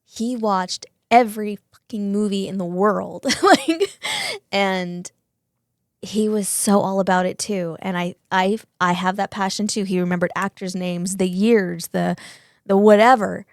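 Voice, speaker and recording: A woman's voice: medium pitch, unhurried, dry recording, studio quality. A woman in her forties from Southern California chatting casually on a podcast, rambling with many fillers and some swearing.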